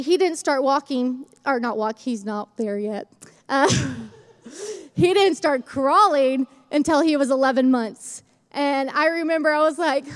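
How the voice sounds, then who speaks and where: A young woman delivers a sermon in church, chatty and lively, acting out small stories along the way. Her voice is high.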